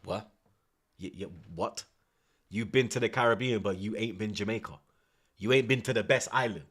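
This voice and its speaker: A young man, reacting loudly to a live football match and chatting to his stream's viewers, swearing and laughing often in heavy slang. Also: lowish voice, brisk. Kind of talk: live watchalong commentary and chat.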